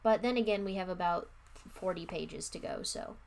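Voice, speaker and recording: A woman's voice: fairly low pitch, moderate pace, creaky, a little mellow. A woman doing a live read-aloud of a children's horror book, with casual asides and plain narration. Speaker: livestream book reader.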